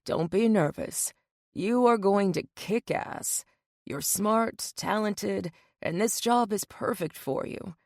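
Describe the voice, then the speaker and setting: A woman voicing a gruff, protective dad. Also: medium pitch, takes it slowly, a little mellow, no room sound, clean studio sound. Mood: encouraging. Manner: gruff, worried, encouraging. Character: protective doting middle-aged father. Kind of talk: audiobook character voice.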